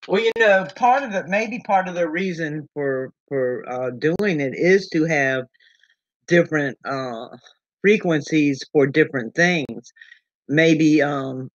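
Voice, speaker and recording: A woman's voice: sits low, slow, no room sound. A woman from Virginia hosting a call-in talk show, chatting in a folksy way and laughing often. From Virginia, USA. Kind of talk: casual call-in chat. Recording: dull distant lo-fi sound.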